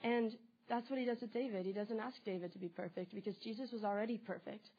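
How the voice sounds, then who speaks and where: A woman's voice: medium pitch, steady tone, fast talker, husky, muffled recording. A woman giving a devotional sermon in an earnest, conversational way, often saying "like" as she talks. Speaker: preacher.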